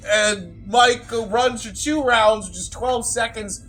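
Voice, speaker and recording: A man's voice: high-pitched, slow pace. A man who runs the game, casually recapping a tabletop session in a rambling, profane way full of filler words. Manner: animated, with sudden loud bursts. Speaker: game master.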